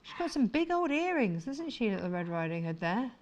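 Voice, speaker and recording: Brief: female shopping-channel presenter, enthusiastic and gushing, a touch high-voiced. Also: big pitch swings, a little fast, a little mellow, muffled recording, a little hiss or hum. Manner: enthusiastic, gushing over products. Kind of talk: live TV sales presentation. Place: TV studio.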